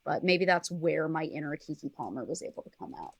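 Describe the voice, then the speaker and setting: Podcast guest, woman, lowish voice, dry close sound, rambling riffs full of "like". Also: very animated, fairly quick, vocal fry, slightly rough, no room sound. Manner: rambling, heavy use of "like", laughs often. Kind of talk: casual brainstorming chat.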